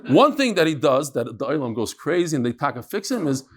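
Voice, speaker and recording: Talking a little fast, with big pitch swings in a voice on the high side, a middle-aged man leads a daily Talmud lesson. It's a conversational class, peppered with Hebrew and Aramaic terms, asides, and restarts.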